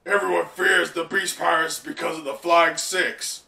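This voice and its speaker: A man's voice: flat delivery, moderate pace, gravelly, far from the mic, heavily acted. A man reading a proud dinosaur warrior. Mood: defiant. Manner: quoted lines read out louder and higher. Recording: roomy sound from off mic.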